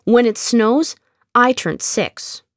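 A blunt, bossy five-year-old girl from a storybook, put on by a woman reading aloud. She makes demands in a raised, childish tone at an unhurried, deliberate pace. The sound is close and dry. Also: on the high side, animated, no room sound, voice pushed up. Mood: defiant. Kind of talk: audiobook character reading.

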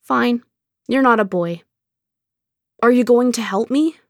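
A woman's voice: on the high side, slow pace, no room sound, pitched above the performer's own voice. A cheeky young boy in a storybook, as a woman reading aloud puts him on. He coaxes and pleads in a slightly raised voice, taking his time over each line. The recording is dry and close. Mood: pleading. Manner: coaxing, pleading, teasing. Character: cheeky persuasive neighbor boy. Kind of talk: audiobook character reading.

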